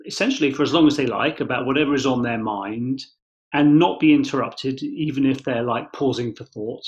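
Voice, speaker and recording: A man talks through his ideas as a podcast guest, thoughtful and measured, now and then restarting a phrase. His voice sits at a middle pitch, and the recording sounds a little dull and lo-fi. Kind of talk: reflective conversational explanation.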